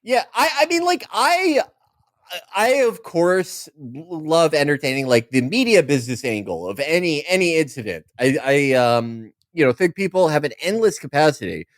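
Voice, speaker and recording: Man, podcast co-host, very lively up-and-down pitch, fairly high voice, dry close mic. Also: normal speed, no echo. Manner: animated, laughing, slips into mocking impressions. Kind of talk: casual comedic podcast banter.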